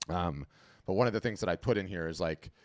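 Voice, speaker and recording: A low-voiced man hosts a live webinar over a video call from home, his mic close and dry. He talks in an animated, chatty flow, often repeating himself and restarting sentences as he gives his feedback on the fly. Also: quick pace, no echo. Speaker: webinar host auditing artist profiles. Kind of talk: casual live webinar commentary.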